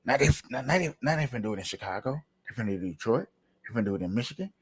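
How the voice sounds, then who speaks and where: A man giving casual commentary to viewers as he plays a clip, animated and ranting, repeating himself often. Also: mid-range voice, very fast, husky. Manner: animated, repetitive, rambling rants; talks to viewers while playing a clip.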